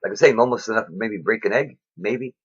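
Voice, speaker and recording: Casting note: husky man, rambling and excitable, preaching casually into a dull lo-fi recording. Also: on the low side, quick pace. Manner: rambling, excitable, many fillers. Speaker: vlogger. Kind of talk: casual faith monologue.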